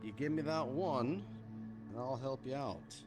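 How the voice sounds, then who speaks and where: A man roleplaying a gang leader on a live stream, questioning calmly and often murmuring agreement. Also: mid-range voice. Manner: calm, probing, drawn-out murmured agreement. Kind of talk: in-character roleplay dialogue. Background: background music.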